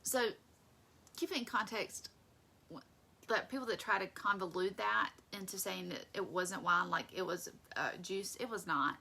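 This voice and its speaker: A young woman leads a casual Bible study and keeps it chatty and conversational. Her voice is bright with a gravelly, creaky edge. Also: mid-range voice, moderate pace.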